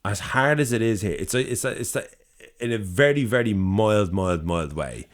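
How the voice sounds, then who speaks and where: A man's voice: on the low side, animated, moderate pace. A young man with a Dublin accent, co-hosting a podcast and arguing his case emphatically, swearing freely and stacking repeated phrases. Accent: Dublin Irish. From Dublin, Ireland. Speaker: podcast co-host. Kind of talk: casual debate over drinks.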